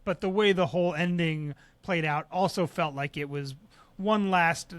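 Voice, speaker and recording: A man co-hosting a sports business podcast, laying out his views in a measured, analytical way. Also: on the high side, no echo. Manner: measured, analytical, some hesitations. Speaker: podcast co-host. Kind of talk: casual sports business chat.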